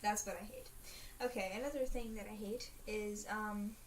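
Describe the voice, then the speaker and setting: A woman's voice: medium pitch, steady tone, normal speed. A teenage girl chatting in a casual video diary, rambling and dramatic, full of fillers. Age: teens. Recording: faint hiss, mic a bit distant.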